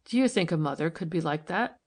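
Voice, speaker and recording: A man's voice: on the high side, animated, a little fast, a little mellow. A woman reading the lines of a troubled young man who speaks soberly and wistfully in an audiobook.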